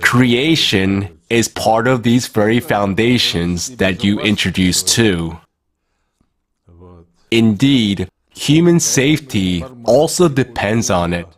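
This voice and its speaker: A man giving a slow, measured formal speech at an online conference. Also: fairly low pitch. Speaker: conference speaker.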